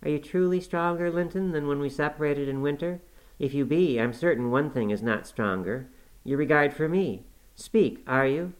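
A man reading an audiobook voices a spirited, willful teenage girl with a quick, petulant manner. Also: fairly high pitch, voice pushed up, lightly acted, poor audio. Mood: pleading.

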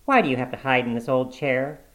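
A man reading aloud and voicing a bossy, nagging middle-aged wife with sharp, scolding questions. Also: mid-range voice, animated, brisk, natural voice.

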